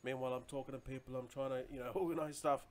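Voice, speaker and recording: A man's voice: mid-range voice, fairly even intonation, racing, darkish tone. A man chatting casually on a live stream, rambling loosely and answering viewer comments as he goes.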